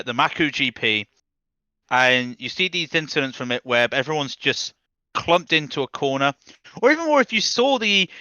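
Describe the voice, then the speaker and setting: A man's voice: on the high side, pushed and bright, no room sound, muffled recording. A man commentating a sim race broadcast in a chatty, jokey way, laughing easily.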